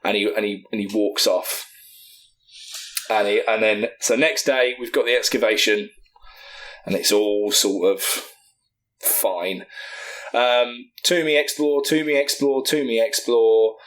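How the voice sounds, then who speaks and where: A man co-hosting a comedy podcast who casually tells a film pitch, rambling, swearing freely and talking with enthusiasm. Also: a bit bright.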